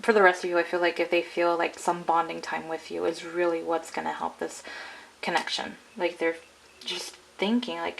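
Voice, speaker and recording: A woman's voice: lowish voice, level tone, normal speed, gravelly, slight background noise, poor audio. A woman giving a casual, rambling tarot reading to her viewers, full of "like" and "I'm getting.". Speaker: tarot card reader.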